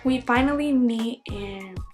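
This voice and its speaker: A young woman from Oklahoma telling a storytime vlog, animated and acting out the voices. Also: on the high side, unhurried, faint music behind. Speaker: vlogger.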